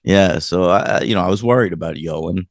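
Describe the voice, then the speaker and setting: A man co-hosting a casual film review podcast, rambling and animated as he retells scenes, with lots of fillers. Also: low voice, brisk, no room sound. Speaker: podcast co-host.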